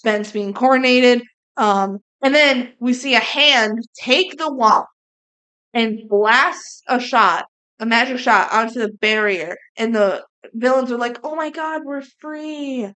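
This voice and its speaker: A woman co-hosting a podcast, chatting casually and acting out bits of dialogue as she recaps a movie. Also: fairly high pitch. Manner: animated, acts out character lines in quick impressions. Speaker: podcast co-host.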